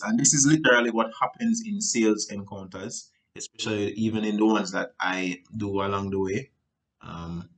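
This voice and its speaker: A man's voice: lowish voice, a bit bright, rough recording. Rambling man teaching a sales seminar. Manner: rambling, repeats "right?" and restarts; acts out sales talk in changing tones. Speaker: sales trainer.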